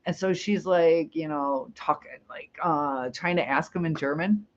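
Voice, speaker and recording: An American woman with a low, slightly slow voice hosts a casual live chat. She's chatty and rambling, laughing easily as she reads out viewer comments, all over dull lo-fi stream audio.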